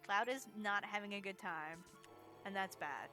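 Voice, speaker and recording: Game streamer, woman, bright tone, mid pitch, chatty and quick to laugh. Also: faint music behind. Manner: chatty, reacts to chat, laughs often. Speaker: charity marathon streamer. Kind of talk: casual live-stream game commentary.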